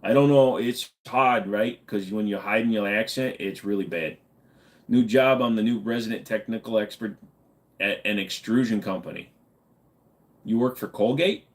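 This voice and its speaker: A man with a fairly low voice hosts a relaxed livestream. He reads viewers' questions aloud and answers with loose, joking, profane chatter. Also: normal speed. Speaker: livestream host. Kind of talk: casual live chat answering viewers.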